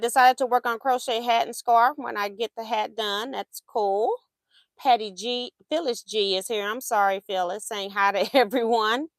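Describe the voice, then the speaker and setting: A woman's voice: a little high, no echo, clean studio sound. A woman hosting a casual live stream from her home craft room, reading out viewer comments and laughing often. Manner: soothing a crying baby in sing-song coos. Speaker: livestream host.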